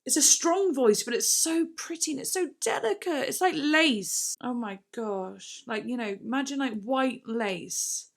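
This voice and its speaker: A woman's voice: high voice, a little slow, creaky, hardly any pauses. A woman making a casual music reaction video, gushing, swearing now and then and reading lyrics aloud.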